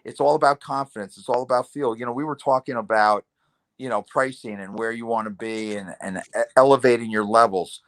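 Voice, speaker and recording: A man's voice: mid-range voice, steady tone, a little fast, fairly bright tone. A man in his fifties hosting a podcast over a video call, talking in a rambling, enthusiastic way that jumps between topics. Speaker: podcast host. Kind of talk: casual video-call chat.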